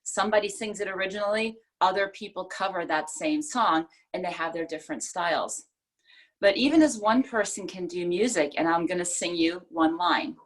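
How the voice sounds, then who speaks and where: A woman's voice: fairly low pitch, moderate pace. A woman giving a prepared club speech over a video call, talking expressively and playing with which words she stresses. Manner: expressive, demonstrates emphasis by changing stress. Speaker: speech presenter.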